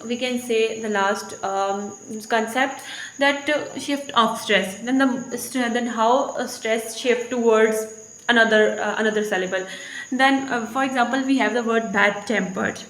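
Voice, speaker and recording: A woman's voice: on the high side, a bit bright. A woman teacher with an Indian English accent explaining a lesson step by step, repeating her examples. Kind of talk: recorded lecture. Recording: echoey room.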